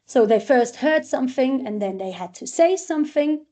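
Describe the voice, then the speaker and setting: A woman's voice: high-pitched, animated, moderate pace, mellow. A woman researcher giving a talk, walking step by step through examples of her assessment tool. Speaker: researcher presenting a literacy tool.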